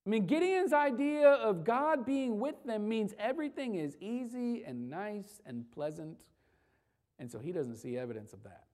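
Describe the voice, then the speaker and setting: A woman preaches a sermon in a voice of middle pitch. She presses her points home by repeating key phrases and asking rhetorical questions. Her delivery is earnest and direct. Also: big pitch swings, normal speed, darkish tone.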